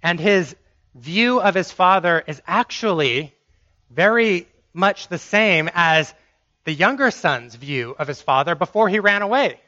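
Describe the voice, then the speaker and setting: A man's voice: high voice, animated, measured pace, pushed and bright, no room sound, highs cut off. A man preaching a sermon, emphatic and driving points home by repeating phrases.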